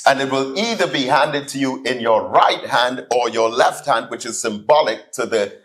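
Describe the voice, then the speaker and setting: A man giving a sermon-style keynote address in a hall, telling stories with lively acted-out voices. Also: mid-range voice, normal speed. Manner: animated storytelling, acts out voices in anecdotes. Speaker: keynote speaker, student minister. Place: hall, live audience.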